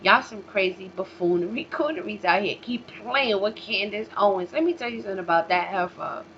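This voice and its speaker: A woman hosting her own vlog, ranting in a profane, emphatic way, swinging from loud outbursts to low mutters. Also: fairly quick. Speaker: vlog host. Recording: dull lo-fi recording with faint noise.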